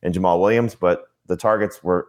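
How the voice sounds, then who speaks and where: A man's voice: deep voice, fairly even intonation. A man co-hosting a sports podcast, talking in a loose, rambling way with many fillers and restarts. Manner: quick, rambling, heavy with "you know" and restarts. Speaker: podcast co-host, fantasy analyst. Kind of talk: casual podcast talk.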